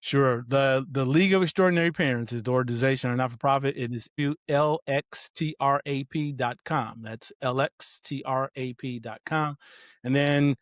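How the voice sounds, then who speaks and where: A middle-aged man, a guest author, telling family stories in an animated way, acting out quotes and laughing often. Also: mid-range voice, moderate pace, no room sound, clean studio sound. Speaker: guest, author and parenting advocate. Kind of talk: casual interview storytelling.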